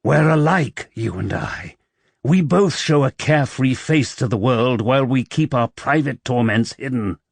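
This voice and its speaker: A man voicing a brooding, persuasive young nobleman who speaks with low, coaxing intensity in an audiobook. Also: a little slow, vocal fry, dry recording.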